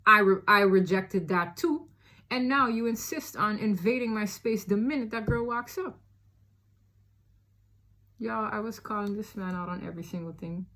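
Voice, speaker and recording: A woman casually telling a personal story to her viewers, chatty and animated, with many fillers. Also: medium pitch, normal speed.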